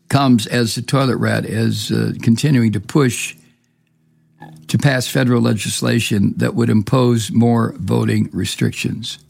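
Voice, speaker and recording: A man's voice: mid-range voice, creaky, darkish tone, slightly rough, dry recording. A man hosting a talk show, delivering angry, profane, sneering political commentary. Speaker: radio talk host.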